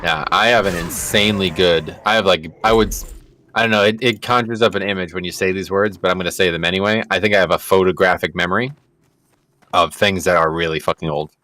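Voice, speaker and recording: A man's voice: low voice, fast, bright, forceful tone. A man livestreaming a game, chatting casually and rambling through a story with frequent swearing and fillers. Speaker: livestreaming gamer. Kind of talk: casual storytelling chat while gaming.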